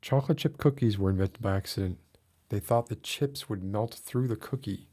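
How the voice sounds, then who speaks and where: Speaking on the low side in a mellow voice at a moderate pace, a man streams and chats casually with viewers. He goes off in mock outrage, his voice rising as he gets fired up, and laughs at himself.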